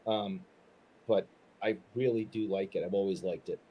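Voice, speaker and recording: A man on a live stream, talking in a fairly low voice. He rambles easily, pausing on "uh" and "um", and sounds earnest and friendly about hobby stuff. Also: fairly even intonation, breathy edge, lo-fi sound. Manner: easygoing, rambling with fillers, earnest. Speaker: co-host. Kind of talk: casual live-stream chat.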